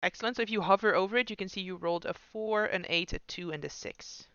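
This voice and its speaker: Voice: medium pitch, fast, bright, forceful tone, clean tone, no echo, lo-fi sound. A game master patiently talking players through an online tabletop game over a computer mic.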